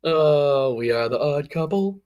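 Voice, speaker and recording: A man's voice: on the high side, expressive, a little slow, a little mellow, muffled recording. A man hosting a show, giving sarcastic, profane commentary over a political speech. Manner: sarcastic, swearing, laughing outbursts. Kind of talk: profane live reaction commentary.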